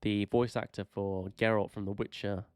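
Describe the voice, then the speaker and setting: A man co-hosting a podcast in casual chat, chipping in quick reactions. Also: lowish voice, flat delivery, a little mellow, clean tone. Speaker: podcast co-host.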